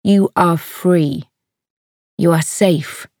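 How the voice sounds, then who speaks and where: A woman reads a young male soldier who speaks slowly and carefully, in a low, gentle voice. The storybook delivery is unhurried and dry, with no room around it. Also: steady tone, no room sound. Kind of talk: audiobook reading.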